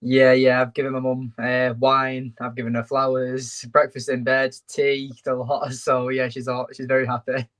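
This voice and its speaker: A man joins a football panel as a guest, easygoing and friendly. His voice sits at a plain middle pitch as he chats and reads out the team. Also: monotone, normal speed, few pauses, fairly bright tone. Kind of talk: casual chat.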